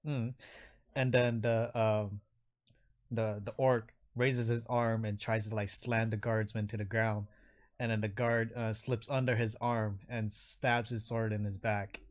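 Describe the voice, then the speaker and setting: A man's voice: lowish voice, level tone, measured pace. Man narrating as game master. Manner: hesitant, filler-heavy narration.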